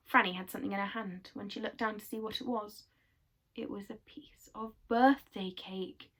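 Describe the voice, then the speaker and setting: A woman reading a children's book aloud, telling it expressively and softly. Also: medium pitch, fairly even intonation, normal speed, husky. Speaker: storyteller.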